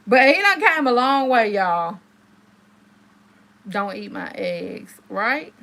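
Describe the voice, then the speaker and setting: A young woman, hosting a casual livestream and chatting with viewers, telling stories and jumping into high exclamations. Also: sing-song, slow pace, fairly bright tone. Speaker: livestream host.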